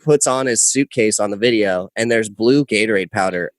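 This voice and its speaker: A young man, a podcast guest, telling a rambling story with animated, casual swearing. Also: on the low side, normal speed, no echo. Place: podcast studio. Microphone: close podcast mic.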